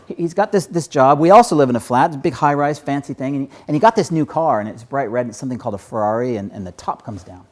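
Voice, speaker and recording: A man voicing an excitable male dog who tumbles eagerly through his story. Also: mid-range voice, fast talker, few pauses, natural voice.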